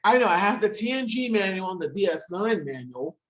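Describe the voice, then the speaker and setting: A man with a middle-pitched voice on a casual group video call. He speaks haltingly, with fillers and restarts. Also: very animated. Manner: hesitant, many fillers and restarts. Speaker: podcast co-host.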